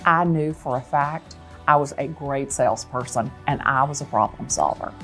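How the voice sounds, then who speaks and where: A woman who sells real estate, telling a dramatic story in an expressive way. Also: rumbling low, moderate pace, soft background music. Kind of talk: animated storytelling.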